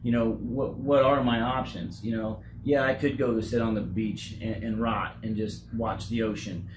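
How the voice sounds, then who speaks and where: Earnest, halting man in his forties. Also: lowish voice, level tone. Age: 40s. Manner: halting, repeats words, earnest. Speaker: roofing company owner. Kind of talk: candid interview. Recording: echoey room with noise.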